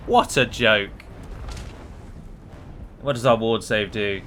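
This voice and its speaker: A man's voice: fairly low pitch, slow, long pauses, fairly bright tone, a little hiss or hum. A man giving casual live gameplay commentary, chatty and wry, talking to his units as he plays. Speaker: gaming video creator.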